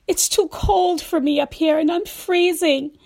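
A woman's voice: very high voice, measured pace, a little mellow, pitched above the performer's own voice. A woman voicing a cunning male rattlesnake who begs to be carried to safety. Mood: pleading. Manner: begging, then hissing.

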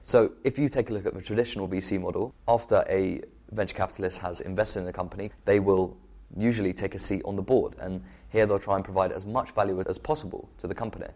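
A man with a notably low, deep voice narrates a podcast segment. His delivery is scripted and measured, walking the listener through each point. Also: steady tone, warm tone. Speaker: podcast host.

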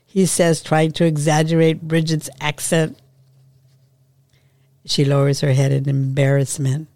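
Woman podcast host, story reading, calm, dry close sound. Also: low voice, unhurried, long pauses, no echo. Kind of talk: reading her own short story aloud.

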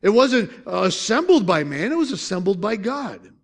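A man's voice: sits high, very animated, moderate pace. A man pastor preaching a sermon in a conversational way, with joking asides and questions to the congregation.

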